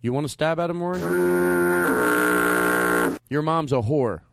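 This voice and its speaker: A man doing rambling, deadpan comedic podcast banter. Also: on the high side, unhurried, loud music behind the voice.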